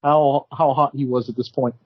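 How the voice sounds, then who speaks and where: A man's voice: medium pitch, steady tone, moderate pace, slightly rough, no room sound. A man co-hosting a podcast, chiming in with wrestling trivia and quips in casual chat. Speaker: podcast co-host. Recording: dull lo-fi sound.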